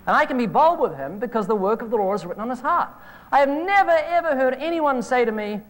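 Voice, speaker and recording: A man preaches with a high, bright voice, retelling phone conversations with lively energy. His talk rings in the long reverb of a hall, as on an old videotape. It is a sermon with anecdotes. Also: brisk. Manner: storytelling, animated retelling of phone calls. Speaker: evangelist preacher.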